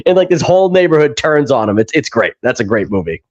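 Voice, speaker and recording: A man, hosting a casual podcast chat and excitedly retelling comedy scenes, swearing and laughing as he goes. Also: mid-range voice, fast. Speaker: podcast host. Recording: dull lo-fi sound.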